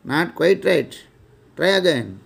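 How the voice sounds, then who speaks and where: Middle-aged male English teacher, Indian English accent, unhurried, reads set phrases with careful repeats. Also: fairly high pitch, very animated, creaky, a bit bright, husky. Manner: slow, deliberate phrase-by-phrase reading with repeats. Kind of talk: reading out classroom phrases.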